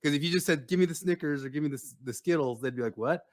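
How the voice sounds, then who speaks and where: A man's voice: a little high, rapid-fire, dry recording, clean studio sound. A man co-hosting a casual podcast chat, animatedly riffing on comedy ideas. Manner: animated, riffs on comedy bits. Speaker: podcast co-host.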